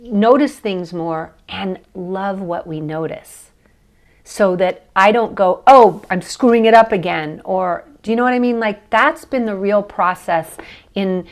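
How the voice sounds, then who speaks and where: A woman's voice: mid-range voice, slow pace. Laughing American woman talking chakras. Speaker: podcast guest, chakra teacher. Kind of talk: casual interview conversation.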